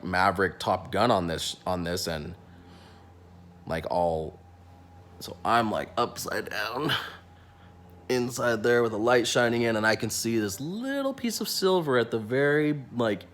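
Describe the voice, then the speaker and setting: A man's voice: lowish voice, measured pace. A young man, a dentist, casually telling a funny story from work, acting out what people said with lots of restarts and fillers. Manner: animated, acts out quotes, many restarts and fillers.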